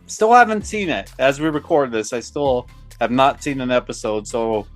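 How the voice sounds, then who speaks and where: A man's voice: mid-range voice, lively intonation, normal speed, soft background music. A man co-hosting a podcast, chatting in an easygoing, hesitant way with plenty of fillers. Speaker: podcast co-host. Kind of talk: casual banter.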